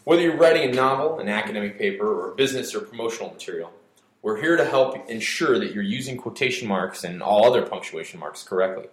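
A man with a lowish voice reads a scripted explainer as a podcast host, dry and a little mock-dramatic. The sound carries a noticeable room echo. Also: lively intonation, quick pace. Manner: wry, mock-dramatic delivery. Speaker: podcast host for an editing service.

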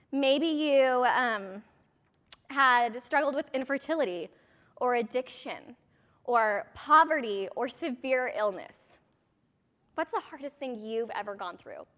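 A woman's voice: high voice, fairly bright tone. A woman in her thirties coaching a direct sales audience in a chatty motivational talk, with rambling, self-deprecating asides.

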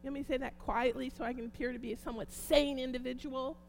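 A woman preaching a sermon and reading scripture aloud, moving from hushed tones to loud shouts. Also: high voice, steady tone, brisk, vocal fry, pauses often, a little hiss or hum, poor audio. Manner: passionate, swings from hushed to shouting.

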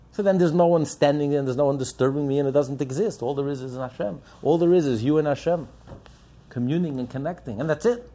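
A man's voice: a little high, quick pace, mellow. A man preaching a sermon, impassioned and building up with rhetorical questions. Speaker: religious teacher.

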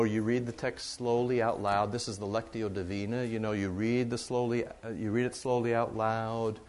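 A middle-aged man, a pastor, giving church announcements and leading a Bible study in a rambling, good-humored way. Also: medium pitch. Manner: chatty, warm-humored, rambling with fillers.

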